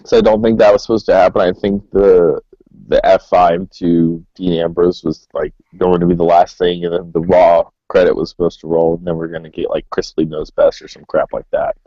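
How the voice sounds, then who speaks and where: A man's voice: low-pitched, little pitch movement, normal speed, mellow, no echo, highs cut off. A man on a podcast panel musing in a laid-back, speculative way. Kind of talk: casual podcast chat.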